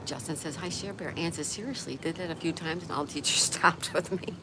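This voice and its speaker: A woman's voice: sits low, fairly quick. A woman hosting a casual livestream, reading viewer comments aloud and chatting back with a laugh. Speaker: livestream host reading chat. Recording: noticeable background noise.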